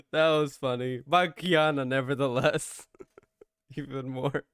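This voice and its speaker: A man reacting to a game and reading its translated text aloud in a casual way. He chuckles, thinks out loud and stops to puzzle over the translations. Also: mid-range voice, slow pace, dry recording, studio quality.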